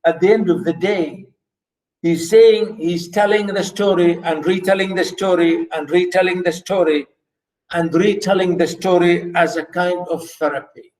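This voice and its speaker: A man's voice: high-pitched, steady tone, normal speed, a little mellow. A man lecturing on a story, repeating key words for emphasis and asking rhetorical questions. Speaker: literature lecturer. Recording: echoey room.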